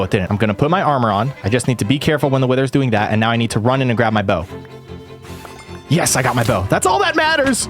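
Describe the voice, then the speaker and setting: A young man giving excitable let's play commentary, yelping and exclaiming during a boss fight. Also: medium pitch. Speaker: gaming YouTuber.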